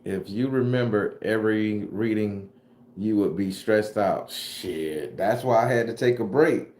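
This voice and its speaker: Dark-voiced Southern man in an echoey room. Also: fairly low pitch, measured pace. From southern Florida. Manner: loose, profane slang while answering live chat comments. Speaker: tarot reader and channel host. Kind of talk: casual livestream chat.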